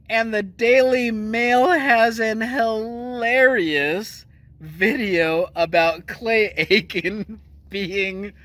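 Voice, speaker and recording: Slow, bright-voiced mocking male host. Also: sits high. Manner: mocking, laughs while ranting. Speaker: commentary show host. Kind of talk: casual news commentary.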